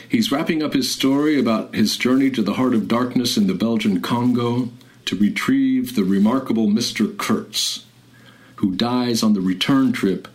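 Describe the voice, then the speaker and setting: A radio host reading and discussing literature in a measured, reflective way, slowing and softening for quoted passages. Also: male voice, mid-range voice, rough recording. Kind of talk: literary commentary and reading aloud.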